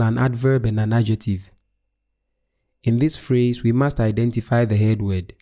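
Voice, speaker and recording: Guy from west africa reading out a grammar lesson, slow and careful, warm low-key tone. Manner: slow, measured, deliberate explanation. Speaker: English teacher. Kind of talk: scripted lesson narration.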